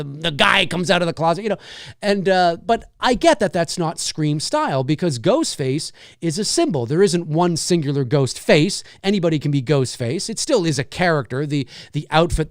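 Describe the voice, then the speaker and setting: Animated high-voiced man hosting a talk show. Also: no echo, clean studio sound. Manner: animated, swears, acts out excited reactions. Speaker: host of a horror film talk show. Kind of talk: casual solo commentary.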